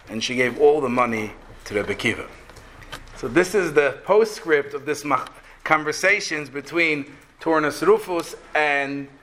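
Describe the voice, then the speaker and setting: Bright-voiced man teaching a religious lesson. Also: on the high side. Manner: lively storyteller asking rhetorical questions. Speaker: Torah teacher.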